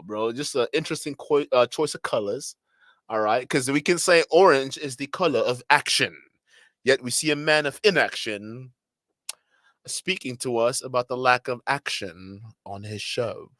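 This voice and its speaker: A man's voice: mid-range voice, a bit bright, no echo. A man giving sarcastic, mocking reaction commentary on another streamer, laughing often and stretching out his slang.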